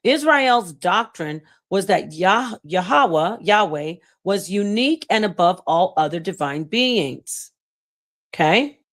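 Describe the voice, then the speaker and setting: A woman's voice: fairly low pitch, slow pace. A woman hosting her own channel, teaching on scripture in a casual, emphatic way, reading passages aloud and talking straight to her viewers. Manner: animated, emphatic, reads excerpts aloud and thanks viewers. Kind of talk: casual livestream-style teaching and commentary.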